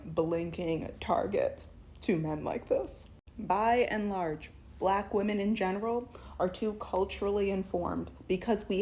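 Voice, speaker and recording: A woman giving a sassy, animated storytime commentary, often slipping into voices of the people she describes. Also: fairly low pitch. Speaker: video essayist.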